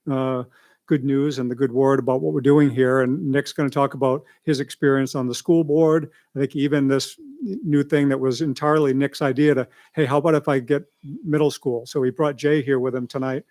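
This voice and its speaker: A man's voice: mid-range voice, darkish tone. A man giving a rambling, conversational report at a school board meeting as a school administrator. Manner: rambling, conversational, many asides.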